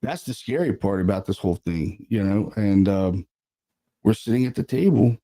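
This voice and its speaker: This man's voice is lowish and he talks at a normal pace. He's a paranormal investigator relaxedly sharing an investigation story, lively in delivery and scattered with curses and fillers.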